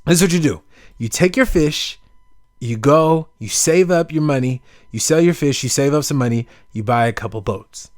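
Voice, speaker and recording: A man voicing a pushy businessman on vacation, eager and salesy, louder and higher than his own voice. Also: normal speed, no echo, studio quality, natural voice. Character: pushy male businessman tourist.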